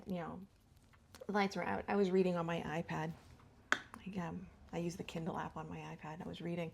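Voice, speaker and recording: Gravelly, husky woman vlogging. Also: on the low side. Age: middle-aged. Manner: rambling, laughs often, drops to whispers. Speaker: beauty vlogger. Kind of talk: chatty get-ready-with-me. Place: home.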